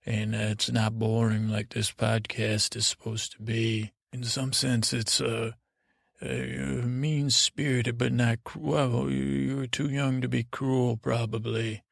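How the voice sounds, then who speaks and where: A man narrates a rambling bedtime story with a heavily gravelly, fried voice. He keeps his pitch nearly flat and drifts along, often stalling and restarting his sentences. The sound is dry and close, with no room around it. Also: no room sound. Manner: meandering, halting, full of restarts. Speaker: podcast host.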